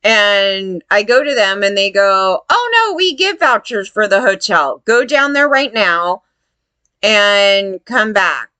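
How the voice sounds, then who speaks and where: Angry woman ranting and cussing about getting no help after a fire, bright sharp voice, dry close sound. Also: mid-range voice, expressive, takes it slowly, clear, resonant tone, no echo. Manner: profane, heated, acts out others' lines. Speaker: fire survivor telling her story. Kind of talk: angry personal rant.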